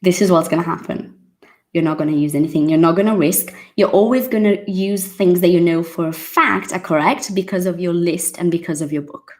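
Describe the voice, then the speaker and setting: A woman from Brazil with a Brazilian Portuguese accent, giving a casual, expressive English lesson with acted-out reactions. She sounds like she is in her thirties. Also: on the low side, fairly quick. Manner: expressive, acts out surprised reactions. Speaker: English teacher.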